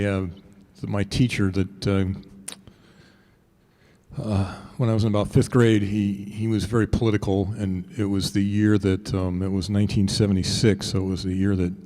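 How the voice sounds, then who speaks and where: A man's voice: on the low side, a little mellow. A man from Indiana giving a rambling, self-deprecating farewell speech as a retiring state senator. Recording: legislative chamber with long reverb.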